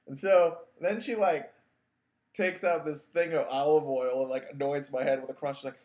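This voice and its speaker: A man's voice: on the high side, fairly even intonation, normal speed, a little mellow. A man with a slightly raised voice tells a story from his own life in a loose, wry, self-mocking way, peppering it with filler words. He sounds like a show host chatting casually. The recording has an echoey, roomy sound. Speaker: podcast host. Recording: echoey room.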